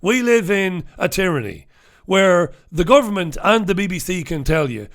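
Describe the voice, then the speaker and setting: A man's voice: sits high, big pitch swings, normal speed. A man from Ireland, hosting a live newspaper review in a brash, sarcastic manner, swearing freely and greeting viewers from the chat. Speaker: host.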